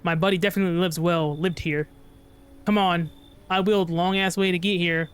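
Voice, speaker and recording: A man voicing a bitter male survivor who pleads at a door, reading the dialogue aloud in his own bright, smooth voice. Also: high-pitched, fairly even intonation, a little fast. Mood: pleading.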